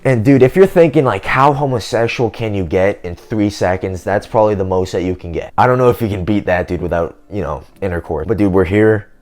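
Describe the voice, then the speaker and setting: Young man, deep low voice, casual vlog monologue, rambling, slangy, self-improvement talk. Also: a little fast, few pauses, a little mellow.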